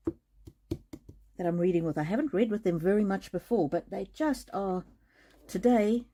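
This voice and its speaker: A woman giving a live-streamed oracle card reading in a gentle, reassuring way, often restarting her sentences. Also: lowish voice, a little hiss or hum. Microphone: streaming mic.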